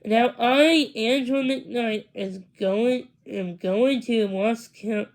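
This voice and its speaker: A woman's voice: on the high side, takes it slowly, creaky, rough recording. A woman reading aloud and voicing a gushing, dramatic young woman in a children's storybook, emphatic and full of superlatives. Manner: breathless and emphatic, stacking superlatives.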